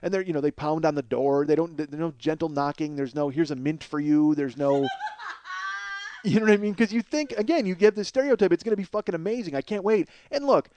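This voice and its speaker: A man telling a comic story as a podcast host, in a profane, excitable way and laughing through the story. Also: high voice, a little fast, clean tone.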